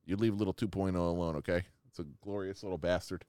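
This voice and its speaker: A man co-hosting a podcast in casual chat, given to loud, exasperated outbursts. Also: deep voice, fairly even intonation, fast talker, clear, resonant tone, dry recording, studio quality. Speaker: podcast co-host.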